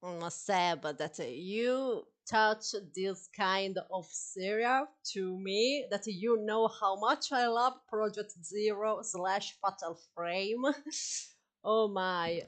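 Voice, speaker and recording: An unhurried woman with an Italian accent chats her way through a live game stream. She is talkative and laughs easily, and she keeps apologizing for her English. Her voice sits at a middling pitch. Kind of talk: live-stream gameplay chat.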